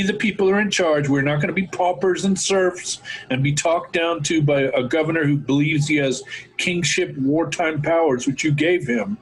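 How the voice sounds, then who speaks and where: A man's voice: a little high, husky, low-quality recording. A man hosting a talk show, ranting fervently and calling his listeners folks. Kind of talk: impassioned political talk.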